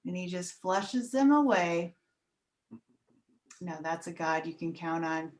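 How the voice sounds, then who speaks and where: Slow, wry woman doing stand-up. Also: on the low side, expressive. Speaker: stand-up comedian. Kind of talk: stand-up comedy set on a video call.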